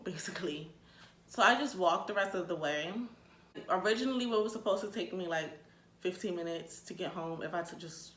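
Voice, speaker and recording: Animated swearing young woman vlogger. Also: on the low side. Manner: animated, swears freely, says "like" often. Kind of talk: storytime rant. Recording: echoey room.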